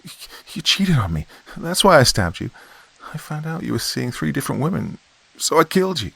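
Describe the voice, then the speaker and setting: A man's voice: a little high, sing-song, fairly quick, gravelly, a bit bright, husky, no echo, pitched above the performer's own voice, full character voice. A man voicing a terrified, remorseful young woman prisoner, pleading frantically in a horror story. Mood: frantic.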